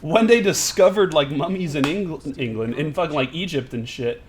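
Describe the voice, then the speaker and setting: A man's voice: fairly high pitch, moderate pace, crowd noise. A young American man hosting a casual gameplay session, brash and profane, laughing often. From United States. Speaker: gaming channel host.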